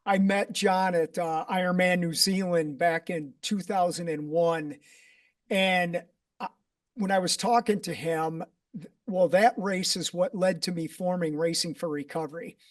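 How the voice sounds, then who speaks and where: A man hosting a podcast interview and speaking earnestly and reflectively, with fillers and pauses. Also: sits high, fairly even intonation. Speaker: podcast host. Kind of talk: conversational interview. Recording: voice from a distance off the mic.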